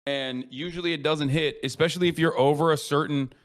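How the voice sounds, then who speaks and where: A man on a stream call, calmly explaining at length with plenty of fillers in casual chat. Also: fairly high pitch, brisk.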